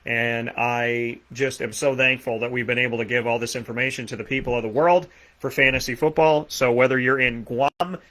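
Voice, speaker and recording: A man with a Boston accent hosting a sports talk show, rattling off plugs and shout-outs with energy. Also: mid-range voice, fairly even intonation, a little fast. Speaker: host. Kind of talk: energetic radio show sign-off.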